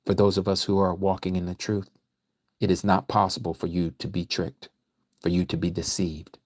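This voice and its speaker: A man teaching a livestreamed scripture lecture, preaching emphatically and repeating phrases, his voice swinging from quiet to loud. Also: deep voice, level tone, moderate pace, dry recording, studio quality. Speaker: Bible study teacher.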